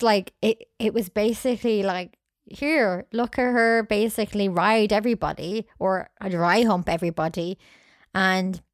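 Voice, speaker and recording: A young woman talks through a film in a casual, chatty way and slips into the characters' voices to retell scenes. Her pitch sits in a middle range for a woman. The recording is close and dry, with no room echo. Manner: chatty, recaps scenes while acting out characters' lines. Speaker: podcast co-host.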